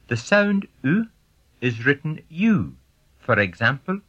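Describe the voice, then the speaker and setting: A man reads a pronunciation lesson slowly, his voice rising and falling as he models each sound. His tone is bright and clear-cut. The recording is dull and lo-fi, like an old language course tape. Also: fairly high pitch, huge pitch swings, dry recording. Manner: slow, measured, demonstrating each sound. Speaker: language teacher.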